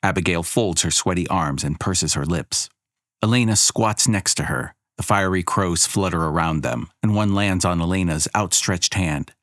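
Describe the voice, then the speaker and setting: Deep-voiced man narrating a wry tale. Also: no echo, clean studio sound. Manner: wry, measured, expressive. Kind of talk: storytelling narration.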